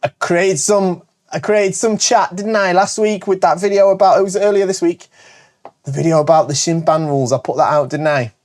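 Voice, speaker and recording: A man with a northern English accent, hosting a casual show where he answers viewer questions, talking fast and chattily with frequent self-corrections. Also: high voice, darkish tone. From Britain. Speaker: host.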